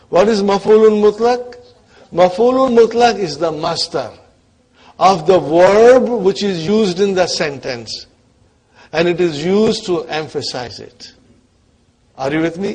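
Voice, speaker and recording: A man teaching an Arabic grammar class, coaxing his students and checking in with them often, his voice dropping away quietly at the ends of phrases. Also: high voice, animated, measured pace, breathy edge.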